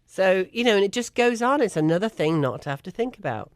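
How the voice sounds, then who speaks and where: An English woman co-hosting a relaxed chat, talking emphatically with lots of enthusiasm. Her voice sits in a middle pitch. It is recorded close and dry, with no room sound. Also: fast talker, dry recording. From England. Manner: chatty and emphatic, with frequent laughs. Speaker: co-host. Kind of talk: casual chat.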